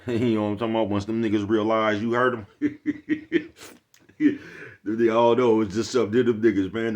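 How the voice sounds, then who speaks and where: A man hosting his own vlog, giving a loose, profane motivational monologue full of street slang and repeated check-ins with his listeners. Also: fairly low pitch. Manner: rambling, profane, streetwise slang, keeps asking "you know what I'm talking about". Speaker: vlogger host.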